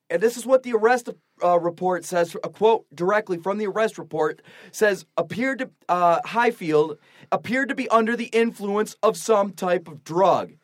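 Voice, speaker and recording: Man, high voice, animated incredulous host, dry close sound. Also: dry recording. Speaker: podcast host. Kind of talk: casual chat.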